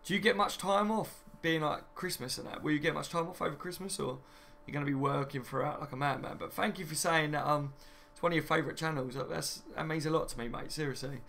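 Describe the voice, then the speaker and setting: A man's voice: a little high, fast, gravelly, hardly any pauses, a bit bright, slight background noise. A young man hosting a casual live stream from home, reading viewer comments and laughing often. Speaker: fan channel host.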